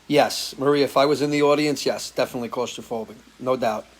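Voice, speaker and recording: A man's voice: medium pitch, fairly even intonation, fast. A man hosting a live stream as a musician, chatting casually and answering viewer comments, loose and swearing freely. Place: home, living in Florida.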